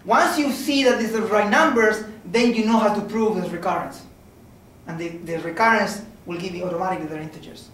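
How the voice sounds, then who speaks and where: A man lecturing on mathematics in a relaxed seminar style, his voice pitched fairly high. He talks conversationally, checking in with the audience as he goes. The sound is heavily echoey and distant, picked up from across the room. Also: brisk, a little hiss or hum. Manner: conversational, checks in with "okay?" and "right?".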